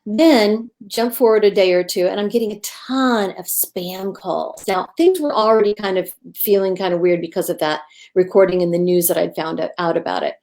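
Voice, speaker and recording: A woman's voice: mid-range voice, moderate pace. A woman appearing as a guest medium, telling her story in a casual, rambling way with many fillers. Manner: rambling, animated retelling with fillers.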